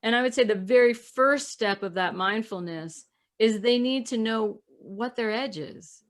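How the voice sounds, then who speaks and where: A woman hosting a podcast and coaching, talking in a thoughtful way, her voice dropping softly at the ends of phrases. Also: a little high, a little slow. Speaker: podcast host and relationship coach. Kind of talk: casual podcast conversation.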